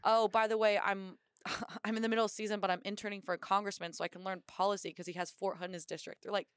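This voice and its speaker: A young American woman, a Marine officer and athlete, telling her story in a casual podcast interview with lively energy and acted-out quotes. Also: medium pitch, quick pace, clean tone, no echo, clean studio sound. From United States. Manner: energetic, upbeat storyteller who acts out quotes.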